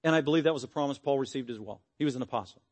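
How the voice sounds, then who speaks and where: An earnest, animated man preaching a sermon and closing in prayer. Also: medium pitch, very fast. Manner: earnest, animated, acts out quotes.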